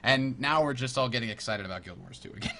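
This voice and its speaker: Male podcast host, bright tone, lively casual chat. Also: mid-range voice, fast. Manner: animated, acts out his own reactions.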